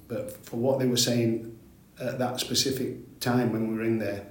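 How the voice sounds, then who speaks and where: An older man, once a footballer, speaks candidly as an interview guest in an echoey room. His mid-range voice is flat, and he rambles, often restarting sentences and dropping "mate" as he halts along.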